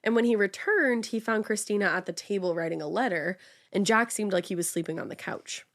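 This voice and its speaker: A woman with a medium-pitched voice speaks a little fast as she co-hosts a casual true-crime chat. She tells the story in a chatty way, filling it with lots of fillers.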